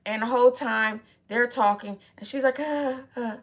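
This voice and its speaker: A woman's voice: on the high side, steady tone, moderate pace, a bit bright. A woman recapping a movie plot in a chatty, casual way, acting out the characters' lines as she goes. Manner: chatty, retells scenes with quoted lines. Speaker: movie reviewer.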